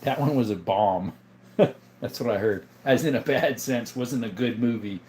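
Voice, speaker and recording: A man hosts a casual livestream and talks loosely to his viewers. He rambles, jokes and reads their chat messages aloud. His voice sits at an ordinary middle pitch for a man. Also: measured pace, a little mellow, a little hiss or hum. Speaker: livestream host.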